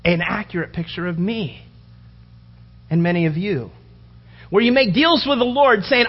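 Male pastor rambling thru a sermon story, kinda high voice, muffled recording. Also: normal speed, pauses often.

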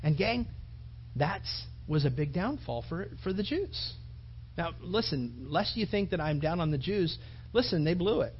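Man, pastor, sermon, very high voice, casual emphatic preaching, muffled lo-fi sound. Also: expressive, measured pace, a little hiss or hum. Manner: conversational, emphatic preaching with repetitions.

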